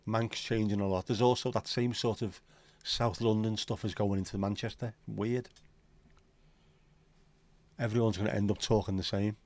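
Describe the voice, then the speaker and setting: A middle-aged man with a Liverpool accent talks casually to his livestream viewers, with a lowish voice and a dry, close sound. He rambles through blunt opinions, swearing freely. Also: fairly even intonation, moderate pace, darkish tone, no echo. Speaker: livestream host. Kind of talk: casual chat to a live audience.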